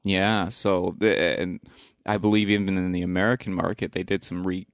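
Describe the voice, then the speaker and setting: A man with a lowish voice hosts a casual film podcast. He talks in a relaxed, chatty way and laughs easily. The sound is dry and close. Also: moderate pace, no echo. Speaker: podcast host.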